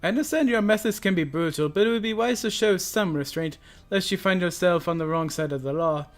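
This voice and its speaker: Streamer guy with a high voice reading game dialogue in earnest. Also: brisk, soft background music. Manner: earnest reading with stumbles on names.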